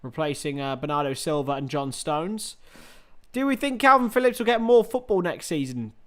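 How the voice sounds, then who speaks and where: A man's voice: on the high side, expressive, moderate pace, fairly bright tone. A man hosting a live football watchalong stream, giving casual commentary in a chatty, jokey, self-mocking way. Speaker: livestream host.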